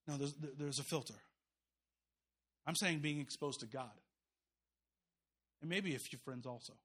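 A man preaching an impassioned, folksy sermon, rising to loud urgent peaks and dropping to quiet asides. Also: fairly high pitch, measured pace. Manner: folksy, uses y'all and slang. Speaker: guest preacher.

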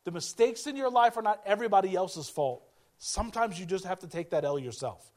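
A man with a high voice delivers a sermon to his congregation. He talks in a conversational way, repeats his key lines and acts out the voices of people he quotes. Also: expressive, fairly quick. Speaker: pastor.

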